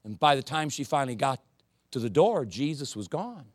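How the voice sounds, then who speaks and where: A man's voice: medium pitch, very animated, normal speed, dry recording, clean studio sound. A man preaching a sermon, telling a story and building to emphatic, impassioned appeals.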